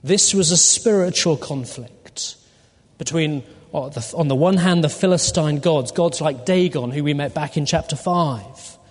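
A man preaching a sermon through a Bible passage, deliberate and full of rhetorical questions to his listeners. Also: a little high, a little mellow. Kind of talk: expository sermon. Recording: long hall reverb.

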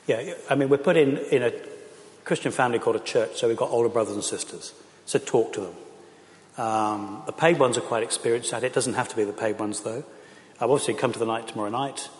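A man's voice: medium pitch, fast. A middle-aged man, a pastor, speaking earnestly and with passion to a church audience, with frequent fillers. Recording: echoey hall.

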